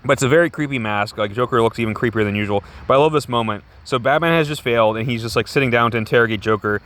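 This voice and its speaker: A man's voice: medium pitch, racing, a bit bright. A man casually reviewing a comic book, rambling and enthusiastic with many restarts.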